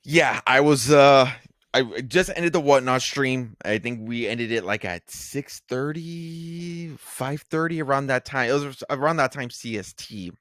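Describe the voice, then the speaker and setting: A man's voice: mid-range voice, a little slow, fairly bright tone, no room sound, studio quality. A man co-hosting a casual podcast, rambling with plenty of fillers, restarts and swearing. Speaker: podcast co-host.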